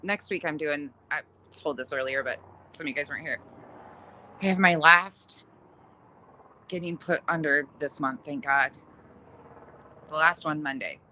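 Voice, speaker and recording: A woman's voice: sits low, a little slow, long pauses, bright, forceful tone, a little hiss or hum. A middle-aged woman chatting casually on a livestream, reading viewer comments, laughing often and swearing casually. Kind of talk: casual chat.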